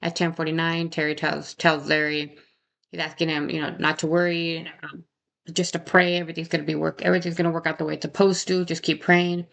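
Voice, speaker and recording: A woman's voice: sits low, little pitch movement, brisk, gravelly, fairly bright tone. A woman narrating a true crime case in a casual, conversational way, often tagging "right?" and adding indignant asides.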